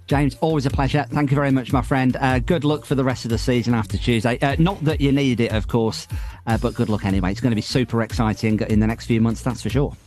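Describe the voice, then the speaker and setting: A man's voice: medium pitch, fairly even intonation, quick pace, darkish tone, soft background music. A man hosting a radio interview, friendly, polite and appreciative toward his guest. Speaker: radio show host. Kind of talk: interview host chat.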